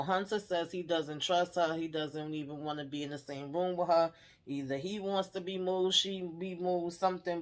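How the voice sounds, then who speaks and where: Chatty woman recapping a TV episode. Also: sits low. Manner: chatty and emphatic, frequent "okay?" and "you know"; laughs while retelling. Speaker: TV recap host.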